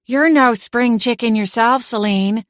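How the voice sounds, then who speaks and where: A woman's voice: a little high, a little slow, no room sound, studio quality, voice pushed up, lightly acted. A woman voicing a fiery, stubborn elderly witch aunt in a cozy audiobook who snaps back indignantly. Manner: indignant, sharp comebacks.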